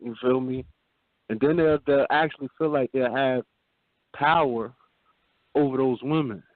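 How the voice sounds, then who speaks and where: A man's voice: medium pitch, a little slow, dry recording. Laid-back man co-host, lots of "you feel me". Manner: laid-back, repeats himself, says "you feel me" often. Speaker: radio show co-host. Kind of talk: casual frank chat. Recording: dry phone-like sound.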